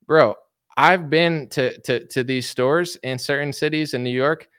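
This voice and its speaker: Rambling man with a smooth, dry voice. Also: medium pitch, measured pace, fairly bright tone, no echo. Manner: rambling, filler-heavy, frequent restarts. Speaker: livestream commentator reading chat. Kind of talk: casual political rant.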